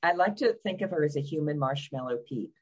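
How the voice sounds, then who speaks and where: A woman's voice: sits low, animated, fast, breathy edge, low-quality recording. Wry, blunt woman guest. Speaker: biographer guest. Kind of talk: conversational interview.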